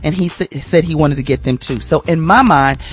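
A middle-aged woman hosting a radio morning show, telling a personal story with lively, preachy lessons and calling listeners y'all. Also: low voice, brisk, husky. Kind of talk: casual testimony with sermon-like lessons.

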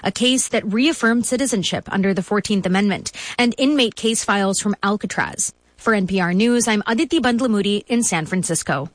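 A woman filing a radio news report as a member-station reporter, with a clear, even delivery. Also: mid-range voice, a little fast, no echo.

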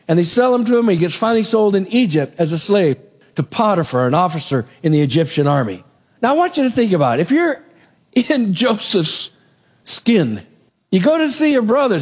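Male preacher, sermon, casual retelling, animated asides, fairly high voice. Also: fairly quick. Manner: animated, conversational, with asides to the congregation.

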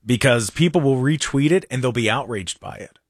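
A man's voice: mid-range voice, lively intonation, brisk, husky, no room sound, studio quality. A man hosting a radio talk show, talking casually and sarcastically with mocking asides. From Ohio.

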